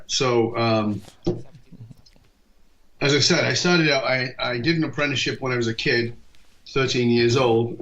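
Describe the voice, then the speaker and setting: A man in his fifties from England, a leadership speaker telling stories in an interview and acting out quoted dialogue. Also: medium pitch. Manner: lively, acts out quoted dialogue, quick asides. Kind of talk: storytelling interview talk. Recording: dull lo-fi podcast recording.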